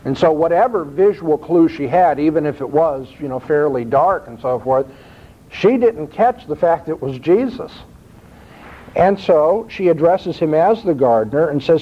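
A man preaches a sermon with a slightly high voice, his pitch lifting as he quotes scripture and drives home each point. The recording is muffled and lo-fi. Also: normal speed, breathy edge. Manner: expressive, rising emphasis when quoting scripture. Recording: dull lo-fi recording.

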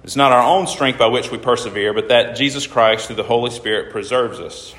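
A man's voice: medium pitch, brisk, a bit bright. A man preaching a sermon to a congregation, asking them questions and reading scripture aloud. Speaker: pastor. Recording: echoey hall reverb.

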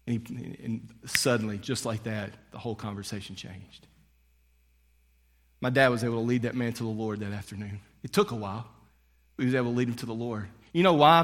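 Man preaching in a reverberant church. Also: mid-range voice. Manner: swings between loud preaching and hushed storytelling. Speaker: pastor. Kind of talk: sermon. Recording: long hall reverb.

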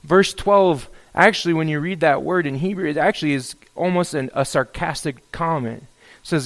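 Man preaching a sermon, higher voice. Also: moderate pace, fairly bright tone. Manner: reads scripture then expounds, acts out a pleading prophet with rising intensity. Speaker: pastor.

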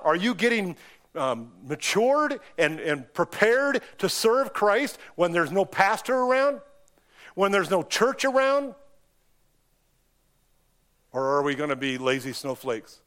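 Higher-voiced man preaching an impassioned sermon. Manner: impassioned, emphatic preaching with sudden rises and drops in pitch and loudness. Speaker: pastor. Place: church.

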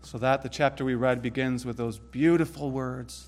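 A man preaching a sermon in an earnest way, rising to emphatic peaks and then dropping low and soft. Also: moderate pace, hardly any pauses.

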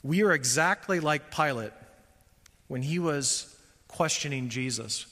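A man preaching a sermon as pastor, speaking emphatically and building to loud, fervent peaks. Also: on the high side, measured pace, long reverb tail.

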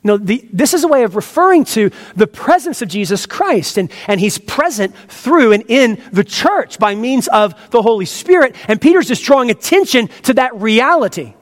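A man's voice: very high-pitched, sing-song, normal speed, hardly any pauses, in a large hall. A man pastor preaching an expository sermon, earnest and teacherly, with emphatic stresses and asides to the congregation.

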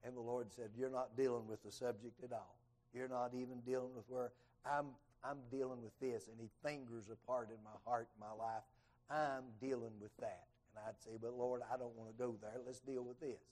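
A man's voice: medium pitch, normal speed. A man preaching an evening sermon, telling a folksy story and acting out the dialogue in it. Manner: folksy storyteller who acts out quoted dialogue with rising, lively voice.

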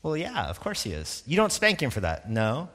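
Pastor, male, conversational sermon delivery, bright and forceful tone, long hall reverb. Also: mid-range voice, huge pitch swings. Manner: conversational preaching with quick asides and laughs.

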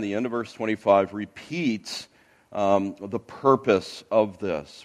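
A man preaches an expository sermon to his church congregation. He speaks earnestly at a middle pitch, with frequent uh and restarts along the way. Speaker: pastor.

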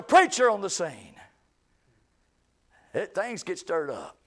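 Fiery high-voiced preacher. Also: male voice, wildly swooping pitch, slow pace, pauses often. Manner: fiery, swings between loud shouting and hushed low lines. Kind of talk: revival sermon.

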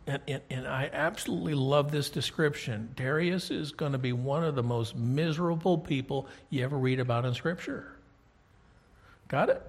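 A man with a fairly high voice preaches a Bible lesson at a moderate pace, keeping it relaxed and conversational. He reads verses aloud and often checks in with his listeners by asking questions.

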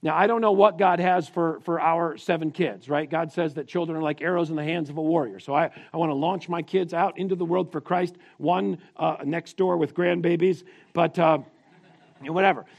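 A man's voice: a little high, steady tone, moderate pace, creaky, highs cut off. A middle-aged man preaching a family sermon, leading the congregation in call-and-response repetition in a plain-spoken, teaching manner. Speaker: pastor.

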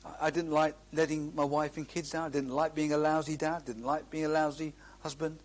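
A man's voice: fairly high pitch, level tone, fairly quick. A middle-aged man preaching a sermon, earnest and emphatic, drawing out key phrases and often restarting.

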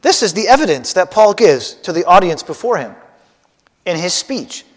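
A man teaching a Bible lesson to a class, animated and putting questions straight to his listeners. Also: high-pitched, normal speed, big-room sound.

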